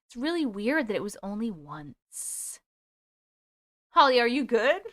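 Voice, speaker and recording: Chatty woman livestream host, higher voice. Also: sing-song, a little slow, a bit bright. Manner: chatty, talks back to viewer comments, sings snatches of songs. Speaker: host reading viewer stories. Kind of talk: casual livestream chat and story reading.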